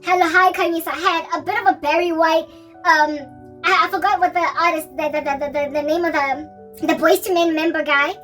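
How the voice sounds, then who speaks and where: A woman's voice: extremely high pitch, steady tone, a little fast, fairly bright tone, distant mic, faint music behind. A woman rambling animatedly in a casual vlog chat, now and then breaking into snatches of song. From South Africa. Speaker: Christian vlogger.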